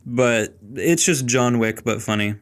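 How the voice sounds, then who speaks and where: A man's voice: medium pitch, a little slow. A young man hosting a casual film podcast, chatting loosely and trailing off with filler words. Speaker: podcast host.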